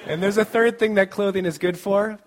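A man's voice: sits high, fairly even intonation, fairly quick, noisy background. A middle-aged man giving a casual, joking sermon at a student camp, often laughing as he speaks. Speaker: campus ministry speaker.

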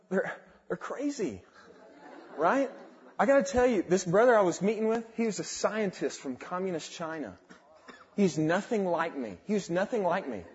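Casting: high-voiced young man, fervent sermon testimony, dull lo-fi recording. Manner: fervent, swings from quiet to exclaiming. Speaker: speaker giving a testimony.

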